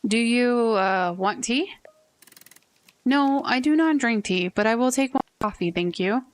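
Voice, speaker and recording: A woman's voice: on the high side, lively intonation, measured pace, clean tone. A woman voicing a stiff, overly formal businessman customer in a video game who keeps insisting on coffee.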